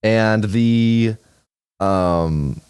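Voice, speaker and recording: A man's voice: on the low side, drawn-out words, a little mellow, clear, resonant tone, no echo, clean studio sound. A man co-hosting a podcast in casual chat, teasing and chiming in with wry remarks. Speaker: podcast co-host.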